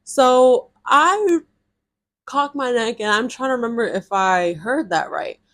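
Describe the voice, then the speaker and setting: A young woman casually telling a personal story to her followers, chatty and animated, filling her talk with "like". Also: fairly high pitch, measured pace. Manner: chatty and animated, with heavy use of "like" and reenacted dialogue. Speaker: storytime vlogger.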